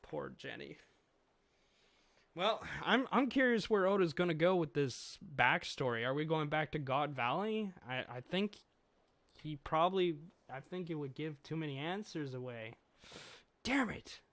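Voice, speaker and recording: A man's voice: fairly high pitch, animated, moderate pace, a bit bright, no room sound. A man giving a chatty, rambling comic review, swearing casually as he thinks aloud.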